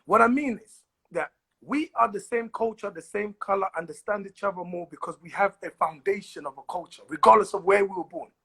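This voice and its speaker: A man hosting a casual conversation, eager and quick to affirm his guest. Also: high-pitched, pushed and bright, husky. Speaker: host.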